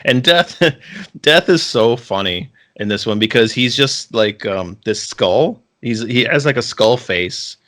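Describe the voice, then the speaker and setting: A man's voice: medium pitch, lively intonation, a little slow, a bit bright. A man co-hosting a podcast, chatting casually and rambling with frequent restarts and filler words. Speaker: podcast co-host. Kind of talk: casual chat.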